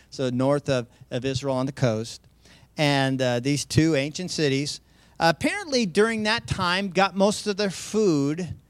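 A man's voice: on the high side, no echo. A man teaching a Bible passage as a sermon, in a conversational way with many fillers, restarts and jokey asides.

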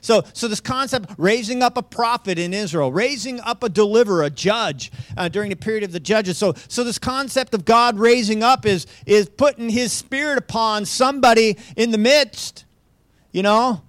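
A pastor teaching a Bible study in an informal, conversational way, often checking in with listeners and restarting phrases. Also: male voice, high-pitched, normal speed, a bit bright, dry recording. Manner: chuckles lightly, restarts phrases. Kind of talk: conversational sermon with slides.

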